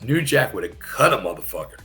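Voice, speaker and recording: A man's voice: lowish voice, very animated, a little fast, pushed and bright, faint music behind. A middle-aged man, a former wrestler guesting on a podcast, telling wild stories in a casual, profane way, laughing and repeating himself. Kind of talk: casual storytelling.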